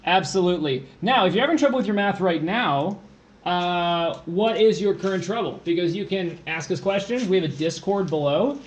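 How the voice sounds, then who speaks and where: A man's voice: high-pitched, expressive, normal speed, dull audio. Playful young man tutoring, echoey room. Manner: playful, jokey, theatrical. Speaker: test prep tutor. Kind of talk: casual livestream tutoring. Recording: echoey room, faint background noise.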